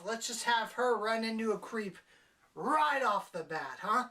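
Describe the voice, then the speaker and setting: A woman's voice: a little high, lively intonation, measured pace, bright, forceful tone, distant mic, rough recording. A woman giving a casual spoken movie review in a blunt, crude and sarcastic way. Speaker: film reviewer.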